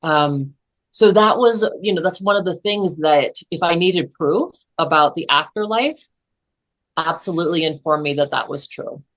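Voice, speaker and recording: A woman's voice: deep voice, normal speed, rough recording. A woman psychotherapist, a guest on an interview, telling a personal story earnestly with frequent restarts.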